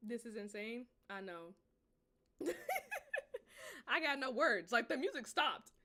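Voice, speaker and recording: Animated young woman reacting to a game. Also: a little high, slow pace. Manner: animated, laughing, exclaiming reactions. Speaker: gaming channel host. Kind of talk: let's play commentary.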